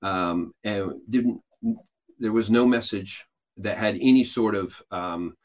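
A man's voice: fairly low pitch, slow. A man hosting a show, talking loosely and explaining at length, with frequent restarts and filler sounds. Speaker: host. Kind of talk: casual teaching talk.

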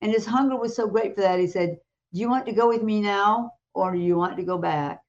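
Woman telling a lively testimony. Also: mid-range voice, a little fast, highs cut off. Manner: retells a story in a lively way, acting out the dialogue. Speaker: co-host. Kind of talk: animated testimony storytelling.

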